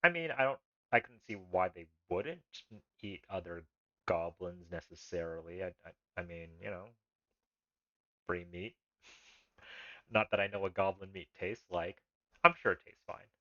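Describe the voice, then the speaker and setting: A man's voice: sits low, unhurried, long pauses, fairly bright tone, no echo, muffled recording. A man streaming a text adventure live, reading the game's text aloud and making rambling, laughing asides.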